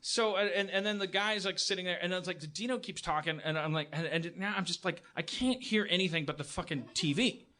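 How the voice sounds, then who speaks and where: A man with a high, bright voice tells a comic story on a live podcast. He swears freely, mocks himself, and keeps stumbling over restarts. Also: a little fast, few pauses. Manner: profane, self-deprecating, stammering restarts. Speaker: podcast host.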